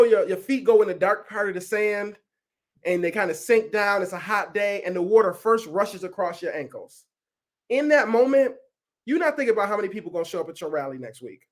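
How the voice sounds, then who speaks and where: A man leading a resilience workshop over a video call, animated and casual, often checking in with his listeners. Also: high voice. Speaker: workshop facilitator. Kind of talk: energetic coaching talk on a video call.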